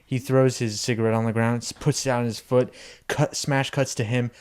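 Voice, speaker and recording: A man rambling through an improvised comedy story for a podcast, his voice at an ordinary middle pitch. He laughs often and keeps restarting his sentences. It sounds like a small handheld recorder. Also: little pitch movement, fairly quick, a little mellow, smooth. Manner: rambling, laughing, jumps into squeaky character voices. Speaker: podcast co-host.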